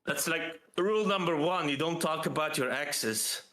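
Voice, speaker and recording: A man's voice: fairly high pitch, normal speed, bright, forceful tone. A man in a casual voice chat, talking wryly and defensively, often chuckling at himself.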